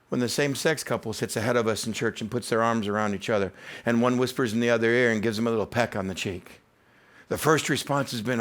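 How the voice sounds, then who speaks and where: A male teaching pastor delivering a sermon, telling stories in an animated way. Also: medium pitch, fairly quick. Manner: animated, storytelling.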